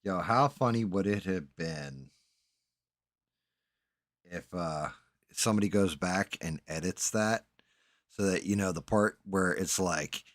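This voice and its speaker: Guy hosting a stream, kinda low voice, dry close mic, tells stories all animated. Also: takes it slowly, long pauses, no room sound. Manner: animated storyteller, mimics others' voices. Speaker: stream host. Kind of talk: casual chat.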